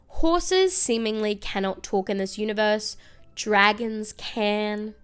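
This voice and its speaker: A young woman hosting a casual, comedic recap, chatty and wry with quick asides. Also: medium pitch, clean tone. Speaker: video essay host.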